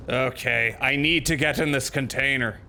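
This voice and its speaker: A young man streaming a game live, reading its text aloud and reacting with sudden loud outbursts. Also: mid-range voice, normal speed, gravelly, slight background noise. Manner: animated, swings from mumbled reading to loud outbursts.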